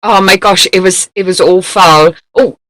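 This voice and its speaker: A young woman hosting a casual talk show interview, chatty and quick to laugh, with trailing asides. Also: fairly low pitch, fairly bright tone, dry recording, rough recording.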